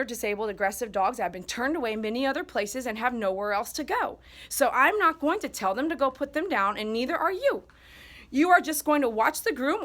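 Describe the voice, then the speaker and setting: A woman's voice: high voice, a bit bright. A woman dog groomer speaking to her viewers in a casual vlog monologue, emphatic and heartfelt.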